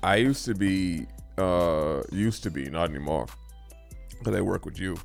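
A man co-hosting a casual morning show, wry and joking, talking in an animated way. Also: sits low, measured pace, gravelly, soft background music. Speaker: co-host. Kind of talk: casual chat.

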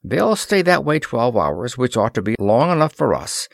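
A man's voice: medium pitch, very animated, normal speed, gravelly, dry recording, studio quality, voice pushed up. A man voicing a firm, emphatic expedition leader.

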